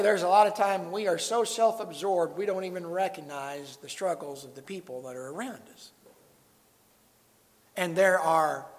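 A man preaching a sermon to his congregation, swinging between loud emphatic lines and quiet low asides. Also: in a large hall. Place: church sanctuary.

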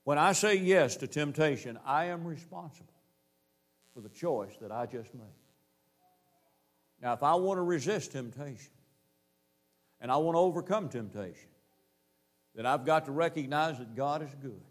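Guy preaching a sermon, hammers points with repeated lines, kinda high pitched. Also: lively intonation. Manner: emphatic, slowing down to stress key phrases; repeats points in rhetorical lists.

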